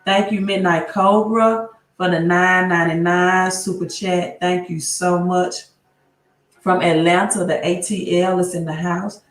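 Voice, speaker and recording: Lady livestream host, slow easy pace, echoey room, calls out viewers and keeps saying right. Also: lowish voice, fairly even intonation, faint music behind. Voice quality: repeats place names, tags phrases with "right?". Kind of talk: live-stream chat greeting viewers. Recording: roomy echo.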